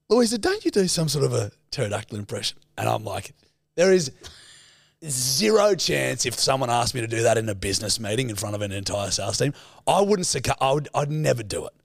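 A man's voice: mid-range voice, big pitch swings, quick pace, creaky, no echo, studio quality. An Australian man co-hosting a podcast, chatting casually with swearing and laughter. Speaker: podcast co-host. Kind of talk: casual chat.

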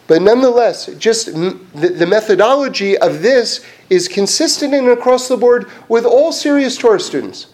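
Casting note: high-pitched man, Torah teacher, loose conversational delivery with lots of "like" and restarts. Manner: animated, chatty, many fillers and restarts. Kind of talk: casual Torah class.

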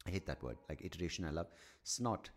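Low-voiced guy rambling into his mic at home, swears a lot, jokes at himself, voice bounces all over. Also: expressive, quick pace. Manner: rambling, profane, self-mocking, thinking out loud. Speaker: podcast host and comedian. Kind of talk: rambling solo podcast monologue. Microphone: studio microphone.

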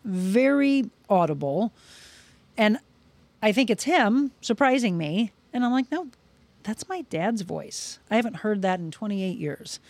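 Middle-aged lady telling a story on a podcast, does all the voices in her quotes, mid pitch, dry sound. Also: no echo. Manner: lively, acts out quoted dialogue. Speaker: podcast guest. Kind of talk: casual storytelling.

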